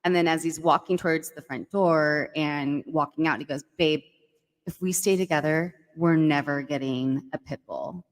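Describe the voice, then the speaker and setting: Low-pitched woman, casual podcast storyteller, animated and filler-heavy, roomy reverb. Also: normal speed. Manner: animated, heavy use of "like" and "right?". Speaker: guest storyteller.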